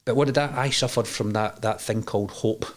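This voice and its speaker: A Scottish man in his forties, speaking at a medium pitch, tells his story candidly as a podcast guest. He's animated and quick to laugh, restarting plenty and swearing some.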